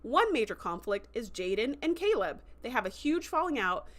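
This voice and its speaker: A fairly high-voiced woman talks through a casual livestream review. She is chatty and enthusiastic, full of fillers and asides. She slips into quick acted-out quotes as she goes. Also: big pitch swings, fairly bright tone. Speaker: show host recapping a TV episode.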